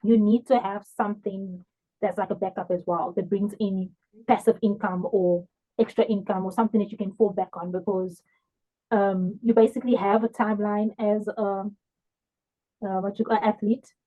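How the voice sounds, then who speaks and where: A woman's voice: medium pitch, steady tone, normal speed. A woman co-hosting a podcast, chatting casually and giving reflective advice. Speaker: podcast co-host. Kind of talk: casual recap chat. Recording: phone-like narrow sound.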